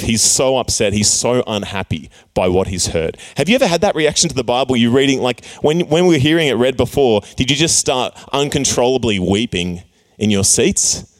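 A young man preaches a relaxed youth sermon. He is chatty and playful, and now and then he slips into jokey character voices as he talks the audience through slides. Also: mid-range voice. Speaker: youth pastor.

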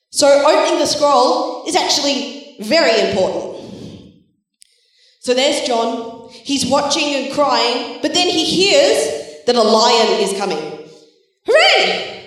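A woman giving an encouraging, animated Bible talk to children in a church. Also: high-pitched. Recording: very echoey hall, voice from far off.

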